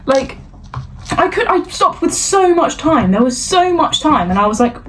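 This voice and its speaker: Animated young British woman ranting. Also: high voice, moderate pace, slight background noise, poor audio. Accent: British English. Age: young adult. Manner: animated ranting with swearing and laughter. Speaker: podcast co-host. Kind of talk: casual chat.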